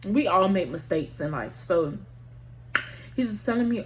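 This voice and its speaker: A woman's voice: mid-range voice, animated, a little slow, long pauses, slight background noise. A woman telling a personal story in a casual storytime vlog, candid and slangy, often talking straight to her viewers. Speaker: storytime vlogger.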